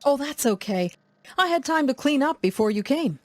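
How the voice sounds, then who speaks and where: Bright-voiced woman in practice dialogue. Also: high-pitched, expressive, normal speed, no echo.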